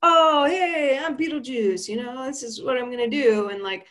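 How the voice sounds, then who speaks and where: A woman's voice: high voice, moderate pace, a bit bright, pitched above the performer's own voice. A woman voicing a crude, perverted male ghost who brags about how he will scare people off. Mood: boastful.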